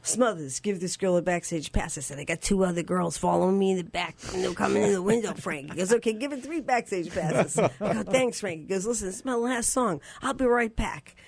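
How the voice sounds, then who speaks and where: A woman, a guest telling a story on a radio show, laughing often and jumping to a squeaky high voice when she plays her younger self. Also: brisk, gravelly, few pauses, darkish tone. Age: 60s.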